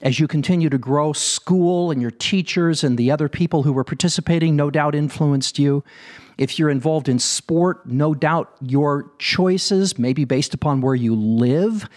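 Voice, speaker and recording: A man's voice: on the high side, unhurried, darkish tone. A man giving a motivational talk, asking rhetorical questions and speaking straight to his listeners. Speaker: self-help speaker.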